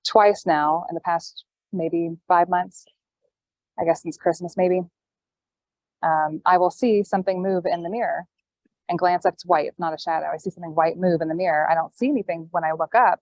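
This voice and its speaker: A woman guest telling a personal story in casual chat, with halting, thoughtful pauses, calling in from an airport gate over a video call. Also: on the low side, steady tone, a little mellow, no room sound. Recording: dull, dry call audio.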